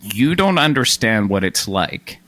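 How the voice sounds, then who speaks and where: A man hosts a casual podcast chat, animated and prone to quick self-deprecating asides. His voice sits fairly low yet sounds bright and forceful, swooping widely in pitch. The sound is dry and close. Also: dry recording. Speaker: podcast host.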